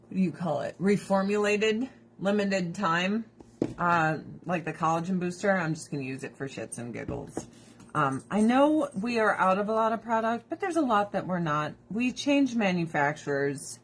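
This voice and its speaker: A woman's voice: mid-range voice, slight background noise. A woman selling skincare products who chats casually while trying them on, rambling, laughing and swearing freely with strong opinions. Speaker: direct seller of skincare products.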